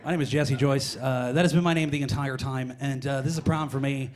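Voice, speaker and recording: A young man doing a stand-up comedy set in a comedy club, talking fast and jittery. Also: medium pitch, steady tone, a little mellow.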